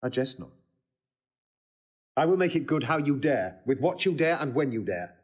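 A grave soldier-lord played by a man in a stage play, speaking at a mid pitch in a cold, measured and earnest way. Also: very animated, husky. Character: grave male soldier-lord issuing a challenge.

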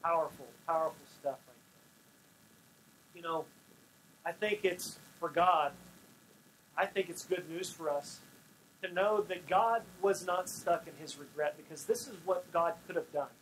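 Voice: medium pitch, measured pace, pauses often, a bit bright, slight background noise, low-quality recording. A pastor preaching a sermon in a folksy, storytelling way, acting out the scenes in dialogue. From Oklahoma.

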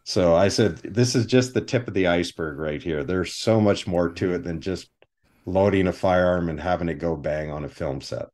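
A man, a film armorer, telling stories in an interview, animated and acting out what other people said. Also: sits low, moderate pace. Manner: animated anecdotes, acts out quoted people. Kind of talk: storytelling interview.

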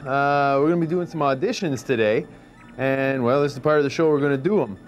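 A man's voice: mid-range voice, quick pace, dull audio, soft background music. A man hosting casually, hesitant and full of fillers. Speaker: host.

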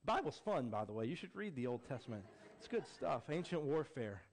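A man preaching a sermon as a pastor, building to emphatic peaks and then dropping low and quiet. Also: big pitch swings, a little fast. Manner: acts out quoted voices with jokey flair.

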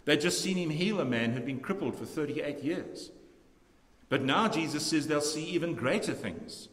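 A man preaching a measured, emphatic sermon as pastor in a church. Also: medium pitch. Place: church sanctuary. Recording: long church reverb.

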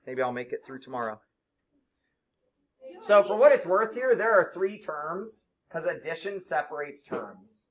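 Male math teacher, classroom lesson, brisk and encouraging with a joking streak. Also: on the high side, animated. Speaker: middle school math teacher.

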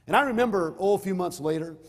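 A man's voice: high-pitched, animated, fast. A middle-aged male pastor preaching a sermon, mixing scripture with a personal story, emphatic and rising and falling in force. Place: church sanctuary. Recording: reverberant hall.

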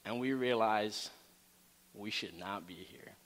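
Man giving a campus talk, casual and animated, telling a story, big hall reverb. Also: on the low side, slow. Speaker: campus ministry speaker.

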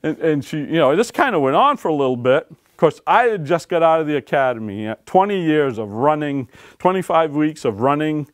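A man, an author and former game warden, telling stories to a library audience in a folksy, animated way, acting out quotes and laughing along. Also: on the high side, a little fast, no echo, studio quality. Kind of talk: storytelling talk to an audience. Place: library talk room.

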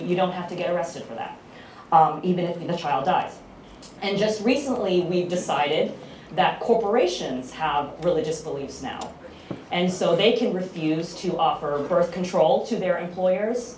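Loud, chatty American woman in a hall. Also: lowish voice, a little hiss or hum. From United States. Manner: loud, lively and chatty, self-mocking. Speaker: panel speaker. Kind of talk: conference panel talk. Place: conference hall. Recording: roomy hall from far off.

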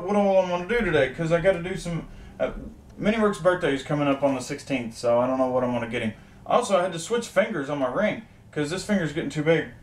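Rambling high-voiced young man vlogging. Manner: rambling, profane, many fillers. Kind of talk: casual vlog chat.

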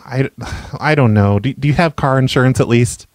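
A man hosting a comedy show, making prank phone calls in a stammering, mock-apologetic, deadpan way. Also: medium pitch, moderate pace, dry recording. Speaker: prank caller and show host.

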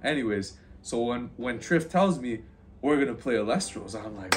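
A man's voice: medium pitch, expressive, moderate pace, background noise. A young man talking casually to camera about his brother, laid-back and teasing with slang. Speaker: host's brother.

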